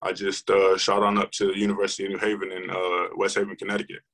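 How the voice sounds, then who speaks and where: A man's voice: low voice, monotone, fast talker, a bit bright, low-quality recording. A young man, a football player, telling his story in a casual interview, rambling with many fillers and restarts.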